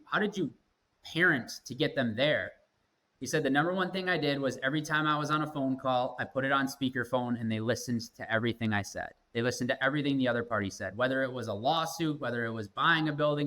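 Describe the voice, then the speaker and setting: A man's voice: mid-range voice, pushed and bright, low-quality recording. A man in his thirties, a guest in a casual interview, talking earnestly and with energy, often repeating himself for emphasis. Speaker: guest, company executive.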